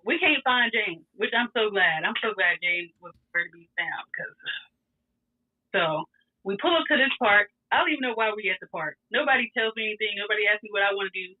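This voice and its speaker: A young woman telling a story in casual chat, animated and profane, laughing as she goes. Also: medium pitch, fairly quick. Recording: tinny phone-like sound.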